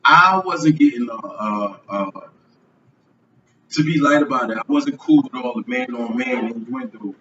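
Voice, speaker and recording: A man's voice: mid-range voice, sing-song, a little slow, sharp tone, slight background noise. A man on a live podcast who talks hesitantly and drags his words out. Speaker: podcast guest. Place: comedy club stage. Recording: roomy lo-fi live venue recording from a distance.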